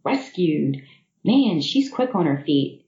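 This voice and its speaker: A woman author reading her own novel aloud in measured first-person storytelling. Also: deep voice, sing-song, mellow, echoey room, muffled recording.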